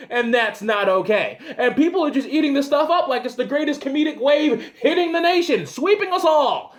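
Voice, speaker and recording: A man hosting a commentary show, delivering a loud, exasperated, swearing comedic rant and acting out little scenes. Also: very high voice.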